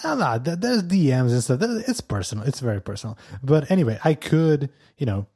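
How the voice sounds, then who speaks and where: A man's voice: mid-range voice, big pitch swings, a little fast, dark tone, breathy edge. A man hosting a weekly podcast, chatting casually with a co-host, laughing often and restarting his sentences.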